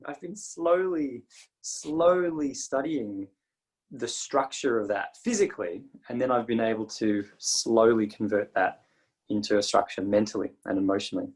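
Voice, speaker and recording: A man in his forties gives an informal martial arts lesson, wandering from point to point with frequent laughs. His voice sits in an ordinary middle pitch. He talks with easy enthusiasm, restarting sentences as he thinks aloud. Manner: rambling, animated, laughs often. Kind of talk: informal teaching talk.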